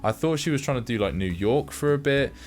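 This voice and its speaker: A man co-hosting a podcast, chatting casually about films in a rambling, halting way with many restarts. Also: mid-range voice, lively intonation, darkish tone, faint music behind. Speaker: podcast co-host. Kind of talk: casual film review chat.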